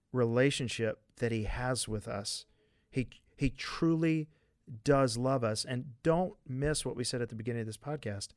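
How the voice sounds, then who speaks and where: A man's voice: mid-range voice, dry recording, clean studio sound. A man who is a pastor, talking earnestly in a casual religious podcast discussion and asking rhetorical questions.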